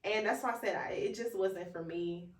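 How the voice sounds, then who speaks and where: Animated woman co-host in a roomy space. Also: mid-range voice, moderate pace. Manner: animated, emphatic, slangy. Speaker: podcast co-host. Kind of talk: casual chat. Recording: roomy, distant from mic.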